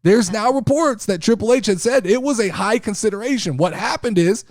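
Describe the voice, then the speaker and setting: A man hosting a casual wrestling talk show, speaking in an animated, profane way. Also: high-pitched, fairly quick, no room sound, studio quality. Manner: animated, profane, mimics people he talks about. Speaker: podcast host.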